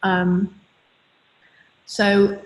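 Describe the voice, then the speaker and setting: A middle-aged woman from England, giving an interview in an unhurried way, pausing with fillers. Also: mid-range voice, monotone. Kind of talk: casual interview. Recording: roomy echo.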